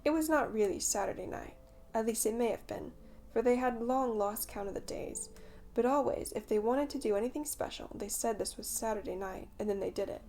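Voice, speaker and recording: A woman reading a children's audiobook as narrator, in lively storytelling. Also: a little high, fairly quick, faint music behind. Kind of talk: scripted narration.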